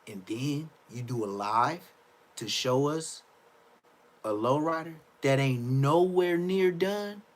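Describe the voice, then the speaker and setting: A young man ranting on a livestream, loud and mocking, repeating phrases and stammering. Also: medium pitch, takes it slowly. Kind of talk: trash-talking rant on a livestream.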